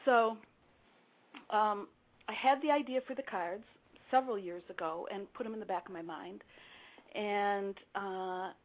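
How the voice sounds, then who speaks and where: An older woman guest telling her life story earnestly in a radio interview. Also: medium pitch. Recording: phone-like narrow sound.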